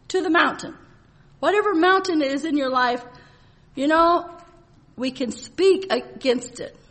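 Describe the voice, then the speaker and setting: A woman preaching a sermon in an earnest, heartfelt way, moving between soft, gentle passages and loud, emphatic declarations, with frequent laughter. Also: high-pitched.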